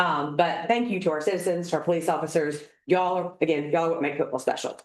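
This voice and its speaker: A woman's voice: deep voice, fast, darkish tone, roomy sound. A woman council member with a Southern American accent, speaking with emotion and affection at a council meeting, near tears.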